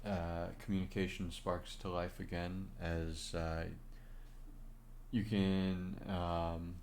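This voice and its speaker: A man narrating as game master of a tabletop game, halting with many fillers. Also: low voice, flat delivery, darkish tone, a little hiss or hum.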